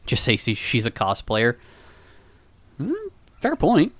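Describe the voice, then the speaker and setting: A man streamer reading a visual novel aloud with wry, animated storytelling. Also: mid-range voice, takes it slowly, no room sound.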